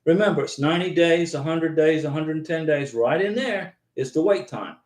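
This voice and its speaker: A man's voice: on the high side, normal speed, echoey room. A man hosting a live stream, chatting casually, reading out viewer comments and answering them by name. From United States. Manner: rambling, chatty, repeats himself, talks to viewers by name. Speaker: host of a live visa advice stream.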